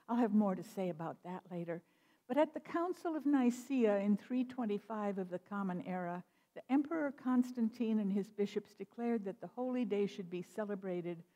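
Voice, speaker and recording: A woman minister giving a sermon, speaking in a measured, expressive storytelling manner. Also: medium pitch. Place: church sanctuary. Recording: long reverb of a church hall.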